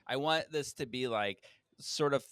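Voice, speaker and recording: A man co-hosting a podcast, riffing on jokes in animated casual chat. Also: mid-range voice, a little slow, clean tone, no echo, clean studio sound. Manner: animated, jokey riffing with laughs. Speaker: podcast co-host.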